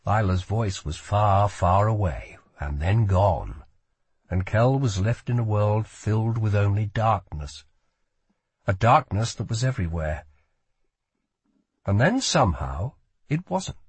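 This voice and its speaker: A man narrating a fantasy audiobook with slow, expressive storytelling. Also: fairly low pitch, breathy edge, no echo. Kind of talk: scripted narration.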